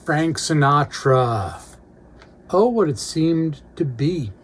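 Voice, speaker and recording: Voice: mid-range voice, lively intonation, takes it slowly, breathy edge. A record collector casually talking through an unboxing, reading out record titles with brief remarks on each.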